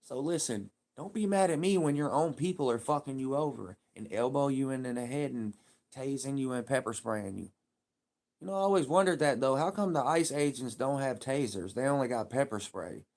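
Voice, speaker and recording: A man's voice: mid-range voice, expressive, fairly quick, darkish tone. A man live streaming, talking in a casual, heated and profane rambling rant.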